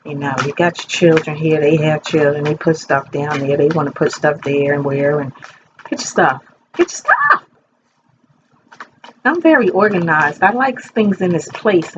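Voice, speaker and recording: A woman's voice: sits low, muffled recording, background noise. A woman in her fifties doing a casual tarot reading from her bedroom, chatty and rambling, talking straight to her viewers. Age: 50s. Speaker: tarot reader. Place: bedroom at home.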